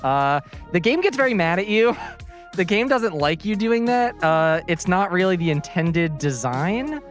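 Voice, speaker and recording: A woman's voice: fairly low pitch, very animated, unhurried, soft background music. A woman from New Jersey with a New Jersey accent, a guest chatting at length about her gaming run on a charity stream. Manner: chatty, explains at length with fillers. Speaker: guest speedrunner. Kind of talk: casual interview on a charity stream.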